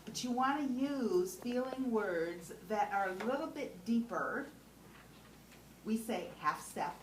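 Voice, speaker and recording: A woman's voice: on the high side, darkish tone. A woman teaching a class on compassionate listening, often checking in with "okay?" and putting questions to the group. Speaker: trainer. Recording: roomy sound from a distant mic with faint background noise.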